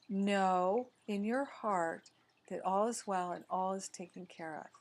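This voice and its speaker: A woman speaking as a gentle, devoted husband who stands for God, soothing his worried wife. He talks slowly and calmly, with an even middle-pitched voice. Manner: tender, reassuring. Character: loving husband standing in for God, adult man.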